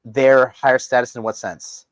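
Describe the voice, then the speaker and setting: A man hosting a live stream, ranting crudely and mockingly, his voice swinging from loud outbursts to low mutters. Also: little pitch movement, moderate pace, dry recording. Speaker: livestream host. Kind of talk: crude provocative livestream rant.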